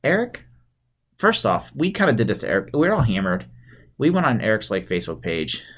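A man tells stories in a casual chat, talking fast and loose. His pitch swings up and down a lot as he gets animated. He swears freely and laughs through his own punchlines. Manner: animated, profane, laughs while telling stories.

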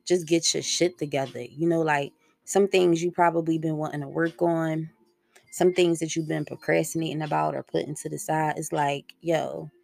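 A woman's voice: deep voice, vocal fry, a little mellow. A young woman hosting her own podcast solo, talking in a casual, slangy, rambling way and swearing freely. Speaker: podcast host.

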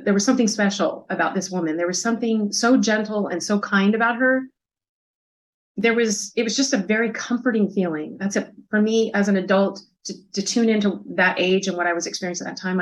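Appearing as an interview guest, a woman in her fifties shares a personal story softly and reflectively, pausing often with hesitant fillers. Her voice is medium-pitched and steady, though the recording quality is low.

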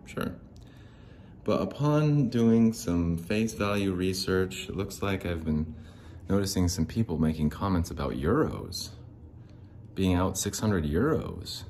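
Guy with a really low voice ranting on his podcast, sarcastic, rambly. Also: darkish tone, a little hiss or hum. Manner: rambling, sarcastic, fillers and restarts. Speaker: podcast host. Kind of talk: casual solo rant.

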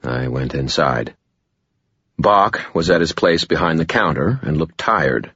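A man's voice: a bass voice, lively intonation, a little slow, sharp tone, breathy edge, dry recording, dull audio. A man narrating a novel in first person, with a dry, wry delivery. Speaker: audiobook narrator.

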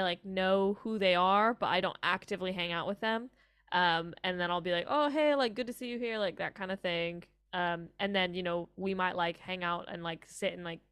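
A woman's voice: on the low side, fairly bright tone, clean tone, no room sound. Young American woman, rambly guest, chatty, dry close recording. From Colorado, United States. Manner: rambling, heavy "like" fillers, acts out quoted voices. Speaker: interview guest, music student. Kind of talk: casual chat.

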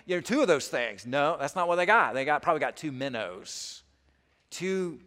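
A man preaches in a relaxed, conversational way, dropping folksy asides into his sermon. His voice sits a little high for a man. A long reverb trails after his words, as in a church sanctuary. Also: normal speed. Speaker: pastor.

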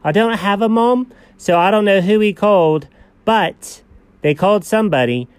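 A man's voice: sits high, normal speed, clean tone, dry recording. A man co-hosting an improvised comedy show, rambling playfully with theatrical gasps. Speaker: comedy co-host.

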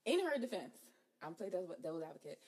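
A woman hosts a relaxed podcast conversation, rushing through stories and acting out both sides of each exchange. Her voice is husky and sits on the low side. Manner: fast, animated storytelling with quoted dialogue. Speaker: hairstylist and podcast host. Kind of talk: casual podcast chat.

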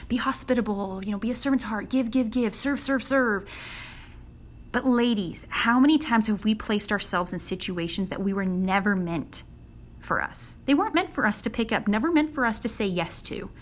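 A woman's voice: fairly high pitch, slight background noise. A young woman hosting a devotional podcast for women, speaking in an earnest, conversational way. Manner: earnest and conversational, acts out quoted prayers. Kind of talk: casual devotional talk.

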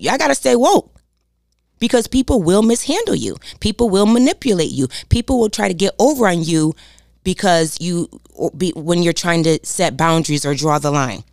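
This motivational speaker has a lowish, gravelly, slightly mellow voice and an expressive delivery at normal speed. She lectures on boundaries in a preachy, insistent way, repeats her core points, and speaks to listeners as "y'all." There's no room sound, and the audio is studio quality.

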